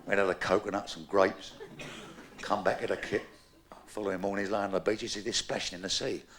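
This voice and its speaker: A middle-aged man telling stand-up jokes on a live stage, rowdy and shouting out sound-effect punchlines. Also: low-pitched, steady tone, brisk, a little hiss or hum. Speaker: stand-up comedian. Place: live stage before an audience.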